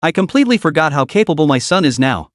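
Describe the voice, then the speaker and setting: Guy doing a fussing proud mom, lively pitch. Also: fast talker, dry recording, clean studio sound. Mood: fond. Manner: warm, flustered, proud. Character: fond, excitable middle-aged mother.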